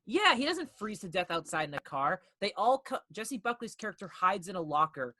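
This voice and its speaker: A male podcast co-host talking over a movie in casual chat. He is animated, swears freely and acts out his own reactions. His voice has a bright, forward tone, and the recording is dry and close. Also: high voice, a little fast, no room sound. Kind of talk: casual film discussion.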